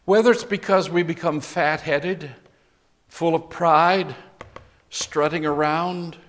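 A middle-aged man preaching a sermon as pastor, slow and emphatic, bursting into loud quotations now and then. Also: on the high side, fairly even intonation, big-room sound.

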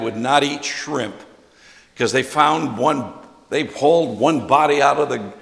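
A man preaching a sermon as pastor, emphatic and folksy, shifting between loud stresses and soft asides to his congregation. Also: medium pitch, creaky, in a large hall.

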